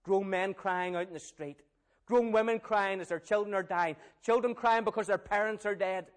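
A man telling a Bible story as a sermon, animated and questioning his listeners. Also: high voice, moderate pace. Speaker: preacher.

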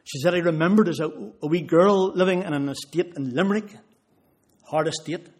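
A man's voice: fairly high pitch, fairly quick, slightly rough. A man giving a sermon testimony, retelling conversations with rising intensity. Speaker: preacher.

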